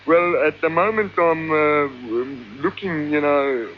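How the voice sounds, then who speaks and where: Male prank caller, South African accent, eager and stammering; fairly high voice, dull old radio-tape sound. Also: slow pace, a little hiss or hum. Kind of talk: prank phone call. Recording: dull lo-fi taped radio broadcast.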